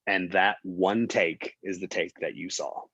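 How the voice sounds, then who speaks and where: A man's voice: low voice, a little slow, breathy edge, no room sound, lo-fi sound. A man, a film producer, telling a behind-the-scenes story as an interview guest, acting out what people said, with lots of fillers and restarts. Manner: animated storyteller, acts out quotes, many fillers and restarts.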